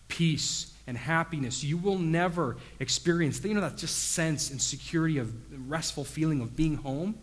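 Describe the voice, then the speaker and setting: A man in his thirties preaching a sermon as a pastor, talking conversationally with lots of fillers and building to emphatic peaks. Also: mid-range voice. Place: church sanctuary. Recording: long reverb of a church hall.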